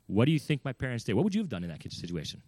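A man's voice: mid-range voice, very animated, very fast, warm tone, dry recording. A man telling a personal story in an earnest, emphatic way, often asking his listeners questions. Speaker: speaker giving parenting advice. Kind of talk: storytelling talk.

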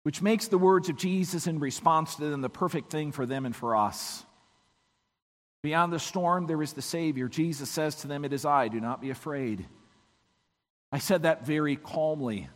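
A man preaching a sermon as pastor, his voice weakened this morning, swinging from hushed moments to emphatic peaks. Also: on the high side, normal speed, big-room sound. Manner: dramatic swings from quiet to emphatic. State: weak voice.

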